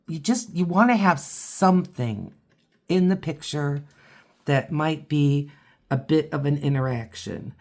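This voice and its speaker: A woman giving a relaxed watercolor tutorial, chatting and thinking aloud as she paints. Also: deep voice. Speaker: art teacher.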